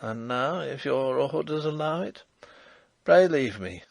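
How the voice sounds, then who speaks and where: A man's voice: mid-range voice, lively intonation, a little slow, gravelly, no room sound, pitched above the performer's own voice. A man voicing an imprisoned king who sounds weary and despairing, in an audiobook. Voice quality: faint and hollow. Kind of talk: audiobook character reading.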